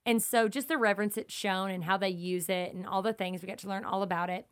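A woman of middle pitch gives a devotional podcast teaching. She speaks earnestly and with emphasis, and she slips easily into personal stories. Her tone stays casual and direct, like a mom talking to her listeners. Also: fairly even intonation, fast. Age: young adult to middle-aged, mother of kids. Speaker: podcast host teaching scripture.

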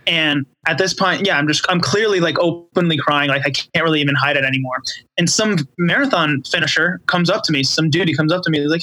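A man guesting on a podcast speaks in a bright, fairly high voice, and the sound is dry. He tells his story from the heart, stopping and starting over often as he looks for words. The chat is casual and takes place over a remote call. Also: no room sound, poor audio. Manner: heartfelt, halting, many restarts.

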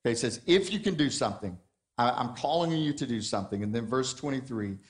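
A man's voice: mid-range voice, expressive, fast. A man preaching a sermon in a conversational way. He puts questions to the congregation and often restarts or repeats words. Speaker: pastor.

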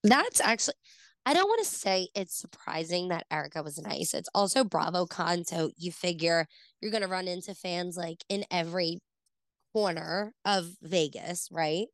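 Gravelly woman podcast co-host. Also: fairly low pitch, animated, moderate pace, no echo. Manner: eager reactions and follow-up questions. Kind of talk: casual chat.

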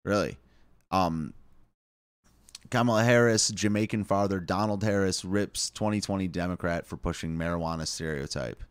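A man's voice: low-pitched, moderate pace, smooth, no echo, clean studio sound. A man hosting a casual live stream, reading headlines aloud with wry asides and chuckles. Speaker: live show host.

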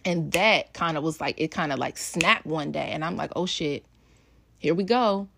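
Emotional chatty woman, gravelly. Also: deep voice, normal speed, fairly bright tone. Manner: chatty, emotional, switches into voices when quoting. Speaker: mother sharing parenting experience. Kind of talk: casual personal talk to an audience.

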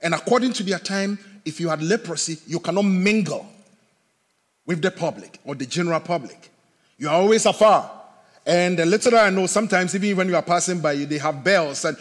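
A male pastor preaching a sermon, swelling loud and then dropping soft. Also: sits high, normal speed. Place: church sanctuary. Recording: reverberant hall.

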